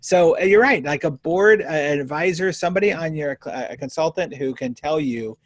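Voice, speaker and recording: Husky-voiced upbeat male podcast host. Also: a little high, a little fast, dry recording. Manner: upbeat and effusive, lots of praise. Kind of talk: casual interview chat.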